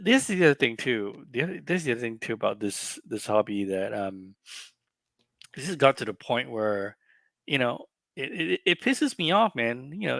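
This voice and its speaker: Man, gravelly voice, dry close sound, casual profane ranting, exasperated. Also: medium pitch, fairly bright tone, no room sound. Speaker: co-host of a collectibles stream.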